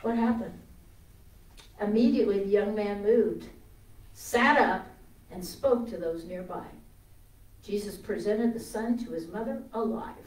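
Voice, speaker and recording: A woman preaching a sermon with passion, swinging from loud declarations to hushed storytelling. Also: mid-range voice, a little slow, reverberant, recorded from a distance, rough recording.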